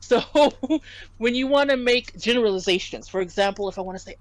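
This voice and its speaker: A woman's voice: medium pitch, moderate pace, dry recording, poor audio. Patient woman tutoring French, dry sound. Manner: patient, explains and spells out words. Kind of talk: casual language lesson.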